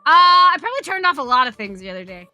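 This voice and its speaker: A woman's voice: high-pitched, very animated, fast, sharp tone, dry recording, lo-fi sound, soft background music. A woman streamer chatting casually, telling a rambling, profane story and laughing as she greets her chat. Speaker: Twitch streamer.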